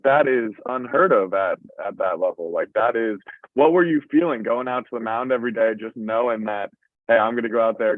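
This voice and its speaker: A man's voice: mid-range voice, dry recording. Male podcast host, eager and casual, sounds dry and phone-filtered. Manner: enthusiastic, loose questioning. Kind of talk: casual interview questions. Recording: tinny phone-like line.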